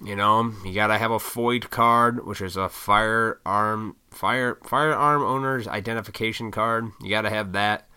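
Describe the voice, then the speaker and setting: A man from Illinois ranting in a casual solo monologue, blunt and profane, with mocking high-pitched put-on voices. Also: steady tone, measured pace, hardly any pauses, sharp tone, clear, resonant tone. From Illinois, USA. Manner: works in restaurants.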